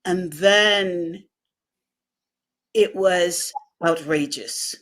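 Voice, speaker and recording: A woman guest in an interview, telling personal stories and acting out the dialogue in them. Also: fairly low pitch. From United States. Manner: animated storyteller acting out dialogue, laughing. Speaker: guest speaker. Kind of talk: interview storytelling.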